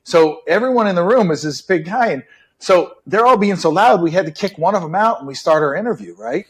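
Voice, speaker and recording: Middle-aged ex-detective guest, slightly high voice, relaxed and chatty. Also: male voice, a little fast, husky. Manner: relaxed, chatty, many "right?" and "you know". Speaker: retired police detective guest. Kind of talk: casual storytelling interview.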